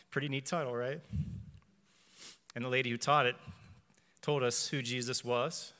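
Speaking to his church in a large hall, a forties-aged member gives a heartfelt personal testimony of faith. His medium-pitched voice is bright and forceful, and he delivers measured phrases, repeating lines to stress them.

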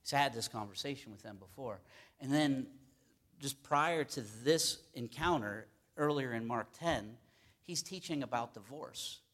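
A Bible teacher gives a loose, conversational sermon on scripture in a medium-pitched, slightly bright voice, speaking a little slowly. He often repeats words for emphasis and restarts phrases.

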